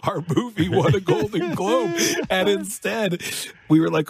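A man chatting casually in an interview, telling animated behind-the-scenes stories and laughing often. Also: sits high, a little slow, vocal fry. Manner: animated storytelling with frequent laughs. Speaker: show co-creator guest.

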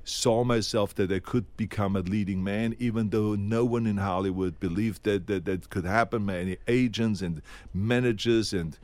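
A man's voice: lowish voice, steady tone, normal speed, darkish tone, dry recording. An older man with a foreign accent, animatedly telling a story as an interview guest and acting out the dialogue.

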